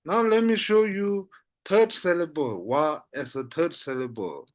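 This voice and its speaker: Slow, patient male teacher. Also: a little high. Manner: patient, repeats syllables slowly, checks understanding often. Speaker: Tibetan language teacher. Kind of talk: slow spoken lesson.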